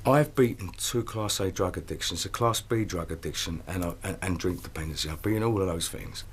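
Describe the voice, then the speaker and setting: A man's voice: deep voice, fairly quick, a little hiss or hum. A man speaking earnestly, repeating and stumbling over his words as he explains himself. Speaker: reality show housemate. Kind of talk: casual conversation and confession.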